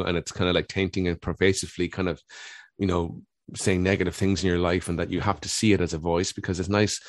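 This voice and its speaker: A man's voice: low voice, no room sound, studio quality. A man speaking as a family therapist guest in an interview, earnest and explanatory, often repeating words as he thinks. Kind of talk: reflective conversational interview.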